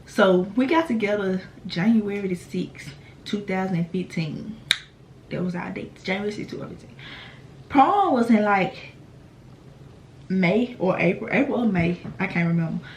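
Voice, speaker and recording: A woman's voice: medium pitch, normal speed, a little hiss or hum. Young woman vlogger, mid-range voice, casual storytime, swears freely, talks straight to viewers. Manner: slangy, profane, chatty; addresses viewers directly.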